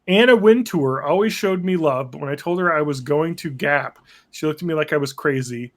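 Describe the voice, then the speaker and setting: Excitable male podcast co-host, slightly high voice, chatty commentary. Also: brisk. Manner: excitable, reads posts aloud with running commentary. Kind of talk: casual chat.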